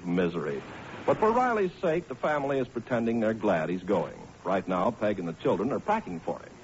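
A man announcing in a smooth, measured style for a 1940s radio sitcom. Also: on the low side, sing-song, slight background noise. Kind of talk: scripted radio narration. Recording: muffled old radio broadcast with faint music.

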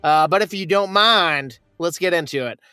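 A man's voice: on the high side, normal speed, sharp tone, smooth, dry recording. A man co-hosting a podcast, reviewing shows in loose, profane casual chat. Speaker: podcast co-host.

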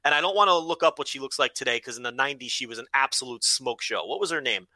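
A man co-hosting a podcast in casual chat, animated and profane, often slipping into quick impressions. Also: medium pitch, no room sound. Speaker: podcast co-host.

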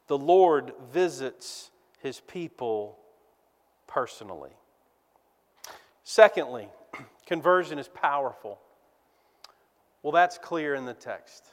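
Slow, deliberate preaching man in a reverberant hall. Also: fairly high pitch, fairly bright tone. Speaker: pastor. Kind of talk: sermon.

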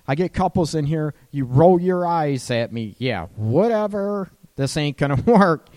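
A man's voice: on the high side, lively intonation, unhurried, darkish tone, in a large hall. A man hosting a relationship radio talk show as a counselor, chatting casually and breaking into laughs mid-sentence.

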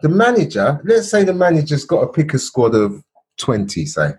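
A lively man tells a football story on a casual podcast, his voice sitting a bit high and swinging widely in pitch. He keeps checking in with his co-host, tagging "yeah?" and "bro" onto his points. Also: moderate pace. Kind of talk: casual chat.

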